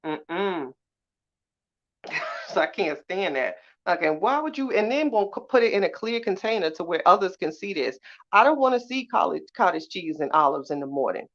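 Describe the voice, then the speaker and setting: A woman's voice: fairly low pitch, expressive, moderate pace, a bit bright. A woman hosting a casual live chat with viewers, sassy and blunt, cursing freely and laughing often. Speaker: live-stream host. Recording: slightly dull lo-fi sound.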